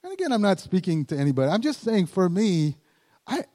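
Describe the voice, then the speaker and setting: A man preaches in a relaxed, conversational style, often chuckling and acting out the lines he quotes. His voice sits a little high but sounds mellow and dark. The recording carries a long reverb, as in a large hall. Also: brisk. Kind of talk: sermon.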